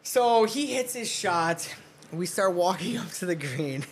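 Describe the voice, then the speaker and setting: A man's voice: high voice, unhurried, a little hiss or hum. A man telling a funny story in casual chat, laughing as he acts out what people said. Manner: animated storyteller, quoting people with voices.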